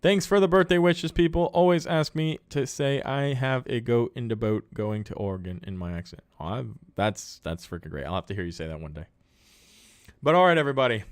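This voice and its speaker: Male live-stream host: casual and upbeat, fielding chat questions, medium pitch, dry close sound. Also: expressive, brisk, clean tone, dry recording. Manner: upbeat, thanks viewers, answers questions on the fly. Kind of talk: casual livestream chat, reading viewer comments.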